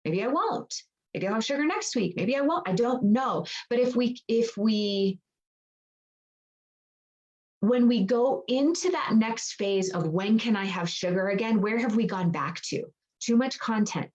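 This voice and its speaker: A woman's voice: on the high side, animated, a little slow, darkish tone, dull audio. A woman coach leading a live online group session, talking energetically and acting out inner dialogue with rhetorical questions. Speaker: mindset and nutrition coach. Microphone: computer mic on a video call.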